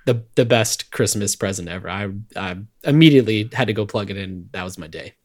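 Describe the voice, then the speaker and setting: A young man co-hosting a podcast, telling a story in a calm, rambling way with lots of fillers. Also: on the low side, brisk. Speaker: podcast co-host. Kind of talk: casual podcast chat.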